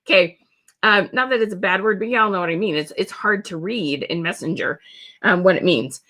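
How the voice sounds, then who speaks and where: A woman teaches a sales webinar. Her voice is bright and clear. She drives each point home by repeating words over and over. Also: medium pitch, fairly quick. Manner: emphatic, repeats words for stress. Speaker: social media sales coach.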